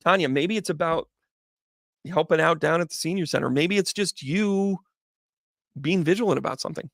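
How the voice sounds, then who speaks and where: A man's voice: on the high side, moderate pace, creaky, fairly bright tone, no room sound. Man, tarot reader, upbeat, chatty, dry close sound. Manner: chatty, upbeat, addresses viewers by name. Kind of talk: live-stream tarot reading.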